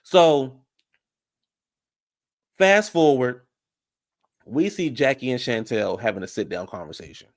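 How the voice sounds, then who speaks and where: Man, mid-range voice, casual chatty recap, animated and profane, pops into high falsetto for quotes. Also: takes it slowly, pauses often. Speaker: reality TV commentator.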